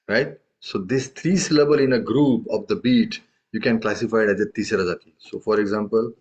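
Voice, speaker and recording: A man's voice: medium pitch, moderate pace. A man teaching a tabla lesson, explaining patiently and often checking in with questions. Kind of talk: live music lesson. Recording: dull lo-fi audio.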